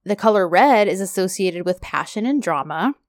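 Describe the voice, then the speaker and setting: A woman's voice: lowish voice, expressive, moderate pace, no echo, clean studio sound. A woman co-hosting a podcast in casual chat, rambling and chatty with plenty of filler words. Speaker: podcast co-host.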